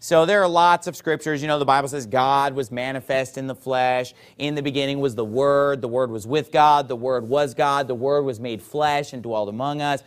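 A man's voice: medium pitch, clear, resonant tone. A man preaching, quoting King James scripture and animatedly acting out the voices of people he argues with. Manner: animated, acts out opponents' voices.

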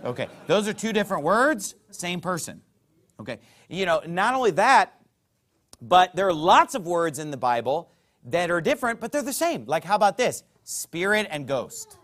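A man's voice: high-pitched, sing-song, moderate pace, fairly bright tone. A man preaching a sermon in an emphatic, conversational way, often checking in with his listeners.

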